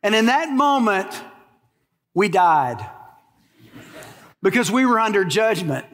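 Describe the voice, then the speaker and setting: A man's voice: high voice, sing-song, slow, a bit bright. A middle-aged man preaching a sermon, emphatic and storytelling, with rhetorical questions to his listeners. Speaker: pastor.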